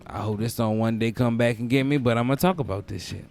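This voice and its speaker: A young man hosting a comedic podcast, ranting in a loose, profane way and bursting into loud mocking quotes. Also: medium pitch, fast, vocal fry. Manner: profane, animated storytelling with loud mock quotes. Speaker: podcast host. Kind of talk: casual comedic podcast rant.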